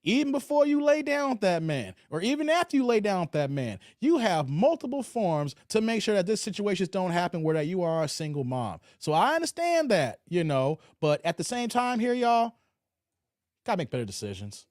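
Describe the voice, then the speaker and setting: A man's voice: high voice, brisk, no room sound, studio quality. A man hosting a live reaction stream, giving his take on clips, laughing and reading out comments from chat. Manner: animated, laughing, talks to chat and reads out comments.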